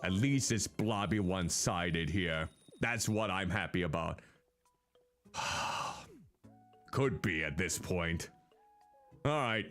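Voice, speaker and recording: Speaking slowly with long pauses, a low-pitched male streamer offers casual commentary on a life-sim game. This VTuber is animated, talking to the game characters as faint music plays underneath.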